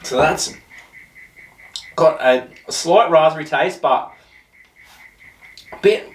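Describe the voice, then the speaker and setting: A man's voice: on the high side, slow, recorded from a distance, a little hiss or hum. A man hosting a casual beer tasting show, chatting in a rambling, jokey way. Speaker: host of a beer review show. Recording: roomy echo, voice off-mic.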